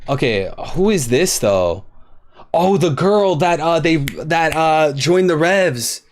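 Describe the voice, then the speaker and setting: A man's voice: on the high side, expressive, slow. Frustrated young man streaming a quiz. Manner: frustrated, guessing aloud, swearing, addressing chat. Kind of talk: casual live-stream chat.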